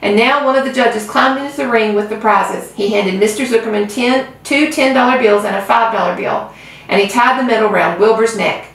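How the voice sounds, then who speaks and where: A woman who hosts a reading channel, reading a children's book aloud with gentle storytelling. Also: fairly high pitch, a little fast. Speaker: reader. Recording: roomy, far from mic.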